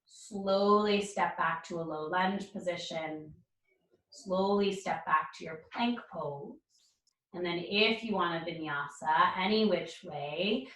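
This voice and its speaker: A woman leading a yoga class, calling out poses and breaths in calm, encouraging cues. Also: lowish voice, recorded from a distance. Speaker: yoga instructor. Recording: roomy echo, speaker away from mic.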